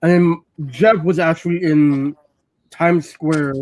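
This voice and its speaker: Higher-voiced man, rambling with ums. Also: fairly even intonation, takes it slowly, darkish tone. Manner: rambling, many ums and restarts. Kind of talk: casual chat.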